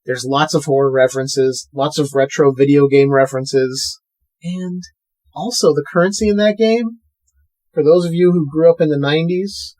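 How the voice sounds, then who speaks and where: A man's voice: fairly high pitch, a little mellow. A man hosting a podcast, chatting casually and rattling off plugs and promos. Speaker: podcast host.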